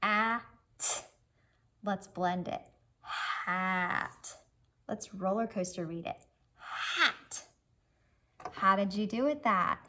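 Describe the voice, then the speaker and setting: A woman's voice: medium pitch, steady tone, slow, sharp tone, a little hiss or hum. A woman teacher leading a children's reading lesson, cheerfully prompting young learners to sound out and blend words.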